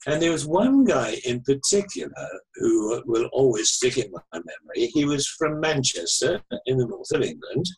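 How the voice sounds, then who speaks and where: A man's voice: mid-range voice, poor audio. An older man, an author, telling a story with wry humour in an online interview over a video call. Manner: anecdotal, wry, lively storyteller.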